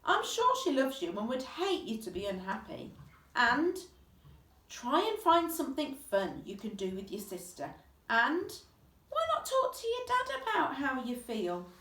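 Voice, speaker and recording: A woman doing a courtly old tramp gentleman. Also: sits high, very animated, measured pace, pitched above the performer's own voice, exaggerated voice. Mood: kindly. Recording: echoey room, distant mic.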